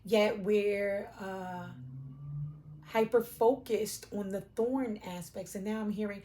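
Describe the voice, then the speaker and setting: A middle-aged woman gives an intuitive tarot reading at an unhurried pace. Her speech wanders, full of fillers and restarts and the odd casual swear, and it sinks soft and emotional at times. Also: medium pitch, fairly even intonation, slight background noise. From Puerto Rican, raised in Brooklyn and Philadelphia. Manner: rambling and searching, many fillers and restarts, casual cussing. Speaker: tarot reader.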